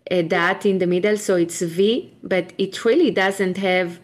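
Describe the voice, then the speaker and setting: A woman leads a Hebrew class on a video call. Her voice sits a little low and she speaks slowly and patiently. She sounds out each letter step by step and praises her students' answers. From Israel. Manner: patient, encouraging, explains step by step with restarts. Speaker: Hebrew teacher. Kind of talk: live online language class.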